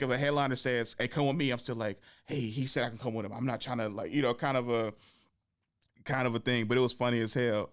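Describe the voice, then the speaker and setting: Male podcast host and comic, smooth clean voice, mid pitch, animated storyteller who acts out quotes. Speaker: podcast host and stand-up comedian. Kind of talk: casual storytelling chat.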